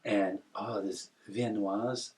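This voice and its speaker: A man from northern Ontario chatting casually, telling lively, rambling stories full of self-corrections. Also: lowish voice, takes it slowly, recorded from a distance. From northern Ontario, Canada. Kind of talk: casual chat.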